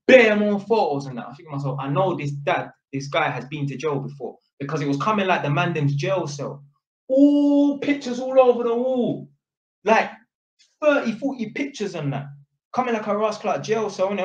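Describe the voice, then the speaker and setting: A man telling a story in casual, sweary street slang, an electrician chatting to camera. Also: sits high. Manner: slangy and sweary, full of innit and fam. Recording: echoey room.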